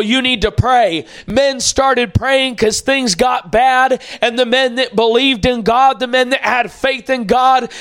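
A man's voice: extremely high pitch, fairly bright tone. A man preaching a sermon, emphatic and quoting scripture at length.

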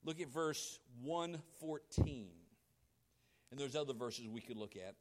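With lively intonation and a measured pace, this male pastor preaches, alternating loud emphasis with quiet, low asides and performing the voices he quotes.

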